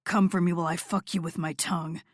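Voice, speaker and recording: A woman voicing a seductive, commanding male rock star in a low, murmuring, dominant tone in an audiobook. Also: steady tone, fast, no room sound, clean studio sound, natural voice. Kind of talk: audiobook character voice.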